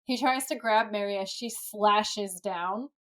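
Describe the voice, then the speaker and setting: A woman co-hosting a podcast, giving a lively, casual play-by-play recap of a TV episode with the odd swear word. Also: mid-range voice, measured pace. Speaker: podcast co-host.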